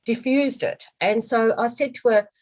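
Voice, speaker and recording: A woman's voice: a little high, normal speed, a little mellow, low-quality recording. A woman presenting a webinar who answers questions hesitantly, with frequent ums and restarts, and tells an anecdote.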